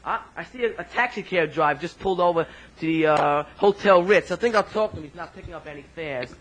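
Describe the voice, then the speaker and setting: A man hosting a home-made mock radio street-interview show, excitable and rambling, often tripping over his words. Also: fairly high pitch, a little fast, a little hiss or hum, rough recording.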